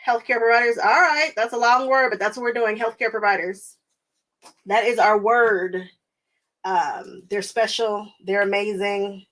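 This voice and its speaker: A woman's voice: mid-range voice, fairly bright tone. An American woman hosting a quilting livestream, chatting casually with viewers, laughing often and thinking aloud with lots of fillers.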